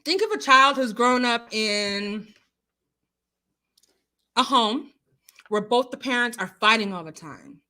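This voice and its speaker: Bright, chatty woman streamer. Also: fairly high pitch, lively intonation, slow, pauses often. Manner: chatty, emphatic, laughs often. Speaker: livestream host. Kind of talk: casual livestream chat.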